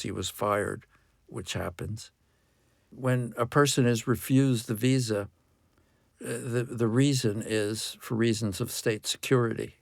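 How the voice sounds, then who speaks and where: An older man, a photographer, telling animated stories in an interview and acting out quotes. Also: mid-range voice, gravelly, dry recording, studio quality. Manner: animated anecdotes, acts out shouted quotes. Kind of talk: storytelling in an interview.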